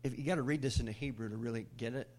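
Man preaching a sermon, tosses questions at the crowd, cracks little jokes. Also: rapid-fire. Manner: calls out questions to the congregation; jumps to much higher, louder pitch when voicing scripture characters. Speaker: pastor.

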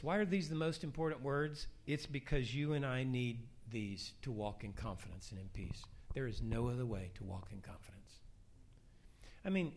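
Middle-aged guy preaching, regular pitch, goes all hushed and whispery on the prayers then pushes up on the questions. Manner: shifts between soft, hushed prayer lines and rising emphatic questions. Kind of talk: sermon.

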